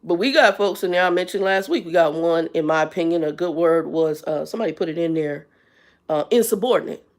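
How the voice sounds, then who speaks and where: A woman's voice: fairly low pitch, brisk. A blunt, exasperated woman in her fifties, ranting on a live stream as the channel's host. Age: 50s. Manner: blunt, exasperated, talks straight to viewers. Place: Arizona.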